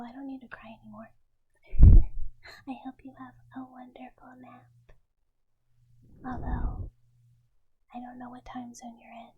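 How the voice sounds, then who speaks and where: A woman's voice: a little high, mellow, breathy edge, poor audio. A woman ASMR streamer whispering playfully, chatting and greeting her viewers by name into an ASMR microphone.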